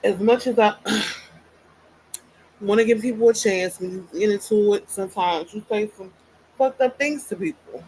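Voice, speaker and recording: A woman's voice: medium pitch, moderate pace, long pauses, darkish tone, slight background noise, rough recording. A woman vlogging casually, out of breath and venting bluntly with profanity. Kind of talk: casual personal vlog.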